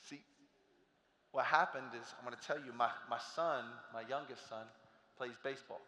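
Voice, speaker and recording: A man in his thirties giving a motivational talk to teachers, animated and quizzing the crowd while acting out stories. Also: mid-range voice, normal speed, long reverb tail, slight background noise. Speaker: motivational speaker.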